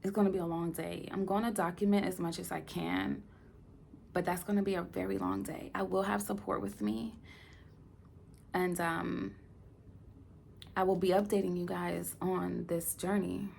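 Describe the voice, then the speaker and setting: A young adult woman giving a personal vlog update to her viewers. She speaks with feeling, dropping to soft near-whispers and then rising into emphatic bursts. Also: on the low side, little pitch movement, a little slow, gravelly, pauses often, a little hiss or hum. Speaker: vlogger. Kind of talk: personal update talking to camera.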